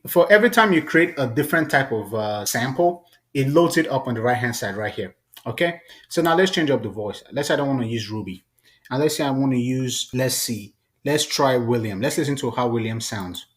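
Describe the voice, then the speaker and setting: A man hosting a casual, chatty software tutorial. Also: mid-range voice, animated, brisk. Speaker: tutorial host.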